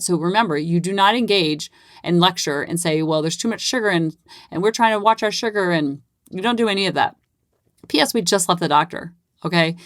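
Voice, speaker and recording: A woman's voice: on the low side, no echo, clean studio sound. A woman podcast host telling a parenting story casually, acting out the voices of people in it. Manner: animated, acts out quoted lines.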